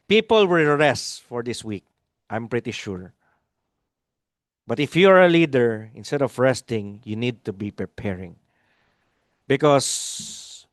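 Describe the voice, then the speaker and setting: A man's voice: mid-range voice, dry recording, clean studio sound. A man hosting a live video-call webinar, speaking emphatically, repeating key lines and asking viewers to type their replies. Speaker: webinar host. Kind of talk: live webinar talk to an online audience.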